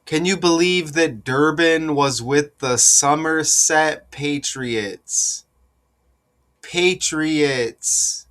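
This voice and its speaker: A man giving casual solo commentary on sports number patterns, repeating his points with rhetorical asides and growing more insistent. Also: a little high. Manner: slow, deliberate, rising to excited insistence.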